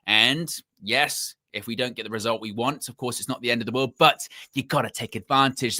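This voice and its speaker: A man's voice: medium pitch, normal speed, hardly any pauses, sharp tone. A man hosting a live football fan show, chatting casually with sarcastic asides. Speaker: host.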